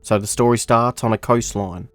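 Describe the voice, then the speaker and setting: A man's voice: medium pitch, fairly even intonation, moderate pace, no room sound. A young man telling a gaming story as a scripted voice-over, in a mid-range voice. His delivery is dry and matter-of-fact, with light music underneath. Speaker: gaming channel narrator.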